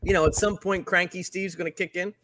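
A man's voice: sits high, fairly even intonation, fairly quick, a bit bright, a little hiss or hum. A man co-hosting a podcast in casual chat, laid-back and wisecracking. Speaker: podcast co-host.

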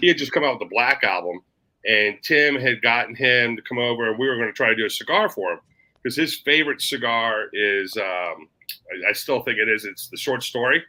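A man in casual chat, telling a long, animated anecdote and swearing casually along the way. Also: mid-range voice, a little fast, poor audio. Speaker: cigar industry storyteller.

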